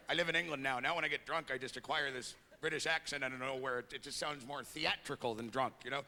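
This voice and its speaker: A middle-aged man doing stand-up comedy, animated and acting out quick bits of dialogue, recorded live with a loud crowd. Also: medium pitch, noisy background.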